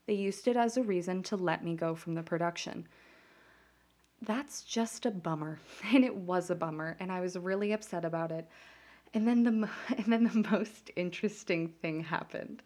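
Young woman, podcast host, candid personal storytelling, slightly low voice, self-deprecating. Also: darkish tone. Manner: candid, restarts sentences, laughs at herself.

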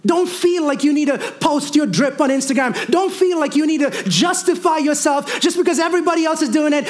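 A man preaching a sermon as a pastor, calling out to his congregation, mixing humor and asides, and rising to near-shouting on his declarations. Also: very high voice, quick pace, few pauses. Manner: preaching with call-and-response asides and wry humor.

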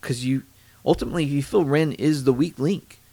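A man's voice: medium pitch, moderate pace, dark tone. Male, casual chat; dismissive, rambling, loose profanity.

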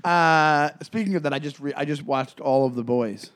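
A man's voice: on the high side, moderate pace, fairly bright tone. Rambling male podcast co-host. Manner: rambling, self-correcting storyteller. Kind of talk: casual comedy podcast chat.

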